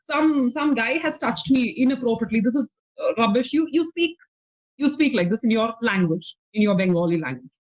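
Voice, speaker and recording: A high-pitched woman with an Indian English accent, teaching a spoken English lesson over a video call. She explains slowly and patiently, checking in with "okay?" as she goes. The audio is slightly dull and lo-fi. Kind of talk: online English conversation lesson.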